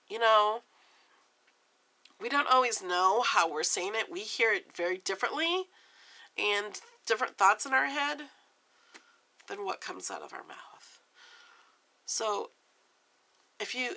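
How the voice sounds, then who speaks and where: Woman in her forties, casual vlogger, lively sing-song delivery, gives advice. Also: on the high side. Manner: chatty, earnest, gives friendly advice. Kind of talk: casual chat to camera.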